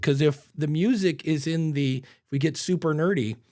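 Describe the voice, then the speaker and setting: A man hosting a podcast in casual chat, animated and talking into a mic with headphones, sometimes acting out voices. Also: a little high, normal speed, hardly any pauses, over music. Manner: animated, demonstrates voices with sudden loud bursts. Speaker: podcast host. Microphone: studio mic with headphones.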